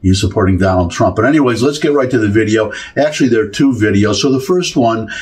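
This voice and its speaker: A man's voice: on the low side, fast talker, a little mellow. A man with a Midwestern accent from Michigan, talking through a casual commentary monologue with many restarts and asides. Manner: rambling, many restarts and asides, emphatic repetition. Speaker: political commentary host.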